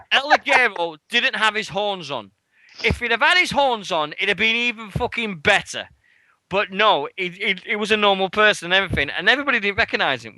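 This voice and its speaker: A British man hosts a wrestling radio show, telling a swear-laden anecdote with lively energy. His voice is bright and a touch high. It sits close and dry on the mic. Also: no echo. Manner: animated, swearing, shouting out quoted lines. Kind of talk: casual storytelling chat.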